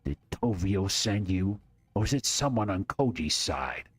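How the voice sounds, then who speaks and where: A man voicing a cold, threatening male gunman in a game, speaking slowly. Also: very animated, slightly rough, no room sound, full character voice. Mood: menacing. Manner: slow, low, threatening.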